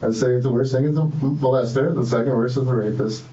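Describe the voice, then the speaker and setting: A man's voice: mid-range voice, fairly even intonation, a little fast, warm tone, reverberant, lo-fi sound. A man being questioned by police, rambling and repeating himself defensively. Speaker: suspect in police interrogation. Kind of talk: interrogation interview. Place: interrogation room.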